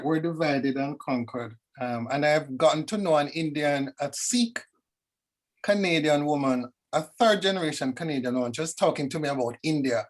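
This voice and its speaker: A woman from Jamaica, speaking reflectively as a guest over a video call, animated and storytelling. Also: deep voice. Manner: animated, lively storyteller with dramatic asides. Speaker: discussion guest. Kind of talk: reflective conversation.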